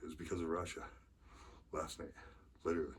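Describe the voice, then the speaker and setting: A middle-aged Canadian arm wrestler with a lingering cold rambles chattily through a home workout vlog, swearing casually and sighing between sets. His rumbling low, husky voice stays level and a little fast, recorded far from the mic with faint ambient noise.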